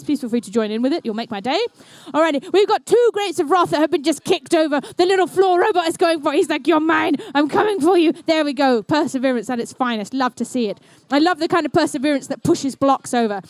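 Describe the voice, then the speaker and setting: A woman's voice: high voice, no room sound. A woman commentating a live indoor competition and emceeing it, with playful, jokey banter aimed at the crowd.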